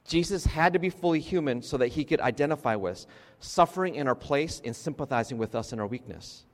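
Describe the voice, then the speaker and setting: A man's voice: mid-range voice, animated, a little fast. Man preaching in an echoing hall. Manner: conversational, frequent restarts and "right?" asides to the congregation. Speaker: pastor. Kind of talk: sermon. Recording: long reverb of a large hall.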